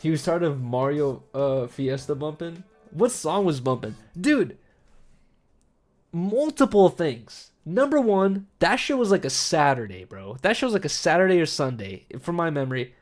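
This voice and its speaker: Young guy streamer ranting to chat, kinda high voice, swears nonstop, bro this bro that. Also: moderate pace, faint music behind. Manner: profane, animated, full of "bro" and "like". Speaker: livestream host. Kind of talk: casual storytelling to stream chat.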